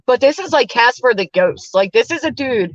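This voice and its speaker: A woman's voice: fairly high pitch, lively intonation, moderate pace, dry recording, highs cut off. Profane, ranting woman commentator. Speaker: commentary channel host. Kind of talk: angry drama commentary.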